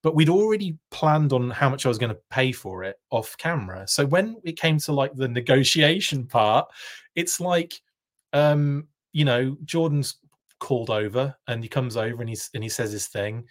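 British guy, live stream host, casual chat, rambling anecdotes, mid-pitched voice. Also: lively intonation, normal speed. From United Kingdom. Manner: rambling anecdotal storytelling with tangents.

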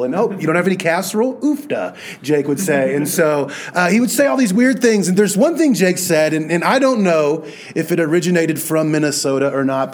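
A man serving as pastor, preaching a conversational sermon with storytelling, slow and deliberate at times. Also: a little high, darkish tone.

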